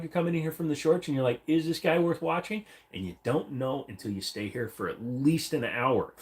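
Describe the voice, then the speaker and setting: Sitting against a wall in his room at home, a man hosts a casual livestream, reading viewer comments and rambling with jokes and silly voices. He speaks a little fast with few pauses, in a medium-pitched, darkish voice.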